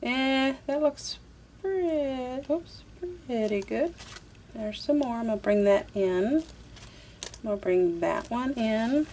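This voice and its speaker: Chatting through a laid-back craft tutorial step by step, this woman talks to herself as she works and drops in the odd "y'all." Her voice is a little high and warm, with lively intonation and a slow pace, plus a slight hiss or hum in the recording.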